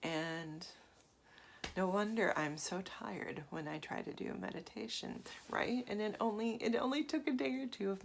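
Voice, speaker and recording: This gravelly, medium-pitched voice belongs to a woman in her forties, moving at a moderate pace. As a meditation teacher she talks casually and confidingly, often sinking to a half-whisper, her soft delivery full of fillers and laughter.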